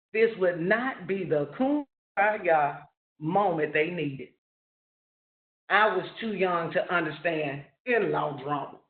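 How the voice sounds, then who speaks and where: A man telling a personal family story in an earnest, storytelling way on a webinar call. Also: high voice. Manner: slow, earnest storytelling with rising questions. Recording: roomy, phone-like lo-fi webinar audio.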